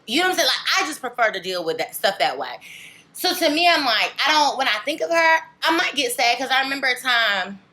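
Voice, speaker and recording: Speaking to camera in a candid, casual chat, this young woman vlogger has a fairly high voice that sounds pushed and bright. Her talk rambles, peppered with "like" and "legit."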